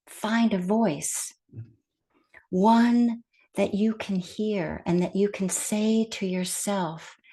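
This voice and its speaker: A woman giving a meditation talk as a teacher, speaking gently and softly and sometimes dropping to a whisper. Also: medium pitch. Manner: gentle and soft-spoken, with hushed whispered phrases.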